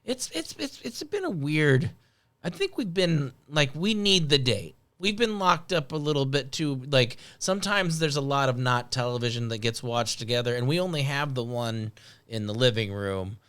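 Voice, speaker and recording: A man co-hosting a podcast, chatting casually in halting sentences that often trail off. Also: medium pitch, animated, a bit bright, smooth. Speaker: podcast co-host. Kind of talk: casual chat.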